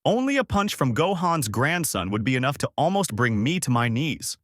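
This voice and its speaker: A man's voice: mid-range voice, sing-song, normal speed, fairly bright tone, no room sound, clean studio sound, pitched above the performer's own voice. A man reading as a big hearty king. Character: huge burly kindly male king.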